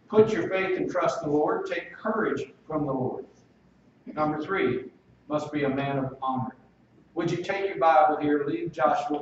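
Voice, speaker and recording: A male pastor with a slightly high voice preaches a sermon in an emphatic, folksy style, heard from a distance in a church. The room recording is echoey, dull, and distant, with a noisy background.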